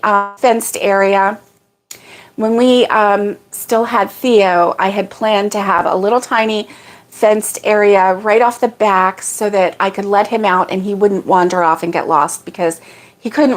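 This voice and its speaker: A middle-aged woman hosting a casual morning livestream, rambling homily and greeting viewers by name with a lifted, friendly voice. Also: mid-range voice. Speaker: livestream host.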